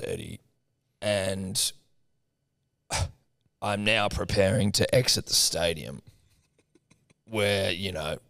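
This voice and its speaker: A man's voice: fairly low pitch, creaky, a bit bright, dry recording, clean studio sound. A young man retelling a story in a casual podcast chat, laid-back and swearing often. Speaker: podcast co-host.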